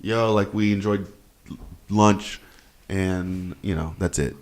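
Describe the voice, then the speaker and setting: A man's voice: sits low, takes it slowly. A man on a casual podcast, telling a story as a rant, swearing freely and acting out other people's lines. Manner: animated storyteller, swears freely, acts out dialogue. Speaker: podcast host.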